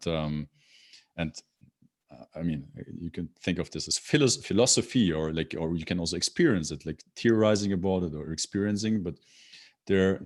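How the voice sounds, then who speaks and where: Low-voiced man, halting and full of fillers. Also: a little mellow. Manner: halting, many fillers and restarts. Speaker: podcast guest. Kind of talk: casual interview chat.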